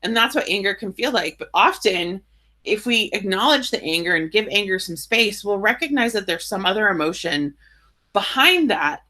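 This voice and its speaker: Woman, bright voice, guided tapping session, casual, instructive, gentle affirmations. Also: mid-range voice. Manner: casual, uses "right?" and "like" often.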